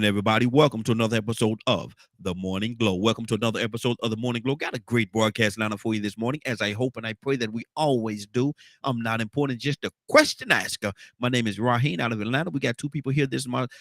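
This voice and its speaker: A man hosts a relaxed morning talk show. His voice sits in a middle pitch and he rambles, repeating words as he goes. The sound is dry and close. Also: fast talker, dry recording. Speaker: host. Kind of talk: casual morning show chat.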